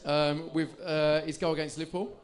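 A man's voice: fairly high pitch, little pitch movement, normal speed. Chatty man hosting a live podcast. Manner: reads results, chatty. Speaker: podcast host.

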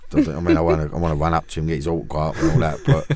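A man's voice: very deep voice, little pitch movement, very fast, mellow. A man, a guest on a podcast, rambling and swearing freely in casual football chat. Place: studio.

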